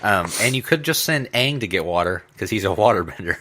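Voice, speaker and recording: A young man with a low pitch and a bright, edged tone walks through a plot recap in easygoing casual chat. He fills his retelling with ums and likes. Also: animated, fairly quick. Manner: easygoing, filler-heavy retelling. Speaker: podcast co-host.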